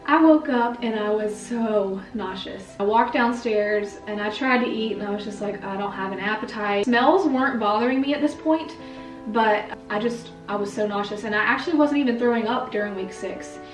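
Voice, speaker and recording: A woman's voice: medium pitch, normal speed, recorded from a distance. A woman in her twenties chatting candidly to camera at home, with lots of "like"s. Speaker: vlogger. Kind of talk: casual chat to camera. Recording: echoey room, a little off-mic, faint music.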